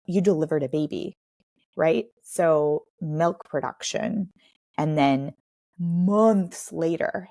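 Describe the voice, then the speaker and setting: A woman's voice: fairly low pitch, vocal fry, darkish tone, dry recording, clean studio sound. A woman in her thirties, a podcast guest, talking openly and reflectively with many "like" fillers. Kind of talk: candid personal conversation.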